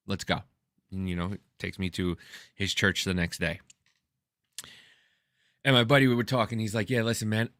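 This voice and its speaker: A man's voice: on the low side, sharp tone, no echo, clean studio sound. A middle-aged man telling a personal story in casual chat, earnest and profane, often stumbling over restarts.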